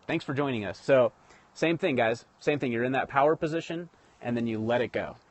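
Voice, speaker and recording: A man's voice: medium pitch, normal speed. Casual man teaching sales on a livestream. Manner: conversational, restarts often, addresses viewers directly. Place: live stream broadcast.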